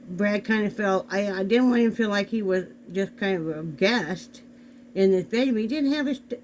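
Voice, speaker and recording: Man, higher-pitched voice, chatty and rambling, casual vlog, home bedroom, faint background hum. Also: a little mellow, low-quality recording. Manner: chatty, rambling, addresses viewers directly. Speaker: vlog host. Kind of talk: casual chat. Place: home bedroom, sitting on the bed. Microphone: camera on a desk.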